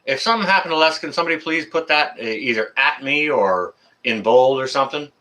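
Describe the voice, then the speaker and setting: A man's voice: mid-range voice, lively intonation, brisk, bright, forceful tone. A man from Canada hosting a casual live stream, greeting viewers by name in a friendly, rambling way with many fillers.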